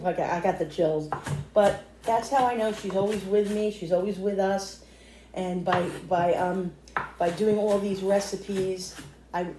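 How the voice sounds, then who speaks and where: A woman's voice: on the low side, dark tone, echoey room, a little hiss or hum. A middle-aged woman talking casually to viewers while cooking, rambling and emotional, often calling them guys. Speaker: cooking vlogger. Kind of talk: chatty cooking vlog. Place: home kitchen.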